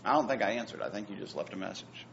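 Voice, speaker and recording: A pastor preaching a sermon, swinging between hushed, near-whispered phrases and loud, emphatic repetitions. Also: male voice, lowish voice, expressive, quick pace, gravelly, slight background noise. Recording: dull lo-fi sound with faint ambience.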